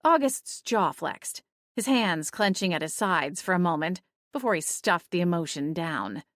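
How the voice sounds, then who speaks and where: A woman reading first-person audiobook narration in a steady storytelling manner. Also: lowish voice, unhurried, no echo, clean studio sound.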